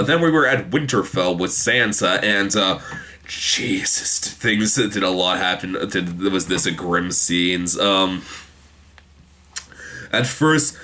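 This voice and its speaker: A man's voice: on the low side, pushed and bright. A young man casually recapping a TV episode, rambling with lots of fillers and restarts. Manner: rambling, many fillers and restarts, quotes characters in quick voices. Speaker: TV show reviewer.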